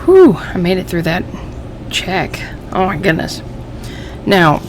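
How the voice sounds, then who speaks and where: A woman's voice: on the low side, animated, slow pace, long pauses, slight background noise. A woman hosting a let's play, thinking aloud and reading game text aloud, easily irritated by the game. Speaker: gaming channel host.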